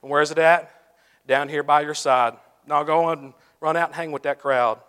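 A man preaching a sermon and closing in prayer, telling stories animatedly, swinging from loud to hushed. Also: fairly high pitch, steady tone, normal speed, smooth. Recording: long hall reverb.

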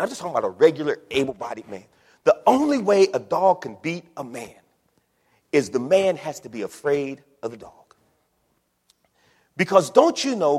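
Preacher in a big reverberant church. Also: male voice, a little high, breathy edge. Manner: preaching with call-and-response rhythm and repetition, building to shouts. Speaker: pastor. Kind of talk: sermon. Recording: long reverb of a large hall.

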